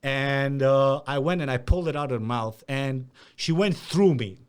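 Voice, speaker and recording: A young man from Romania hosting a casual podcast chat. His voice sits at a middle pitch, and he tells the story with lively energy and frequent swearing. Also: normal speed, clear, resonant tone. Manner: animated storytelling, swears freely, laughs. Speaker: podcast host.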